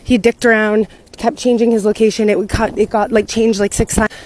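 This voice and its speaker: A young American woman rattles through a personal story at a brisk clip. Her voice sits a little high and she talks in a chatty, animated way, swearing without a second thought. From United States. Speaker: content creator living abroad. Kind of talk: casual storytelling to camera.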